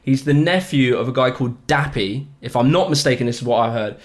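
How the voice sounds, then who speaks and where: A man's voice: mid-range voice, a little fast. A British man chatting casually as a podcast guest, rambling a bit and laughing often. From Britain. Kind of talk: casual chat.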